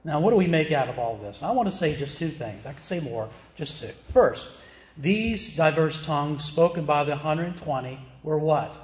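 A man's voice: fairly high pitch, expressive, moderate pace, roomy sound. A man from the American South with a Southern accent, preaching a sermon in a plain, emphatic teaching manner, asking the listeners questions. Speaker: pastor.

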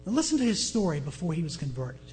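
A man's voice: a little high, fast, faint music behind. A man preaching a sermon, telling stories and putting questions to the congregation. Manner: animated storyteller, asks the congregation questions. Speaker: pastor. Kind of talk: sermon with storytelling.

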